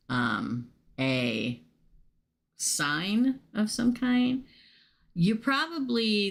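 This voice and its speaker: A woman's voice: deep voice, vocal fry. A woman doing a casual live tarot reading, naming cards and chatting with viewers about their questions. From United States. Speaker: tarot reader.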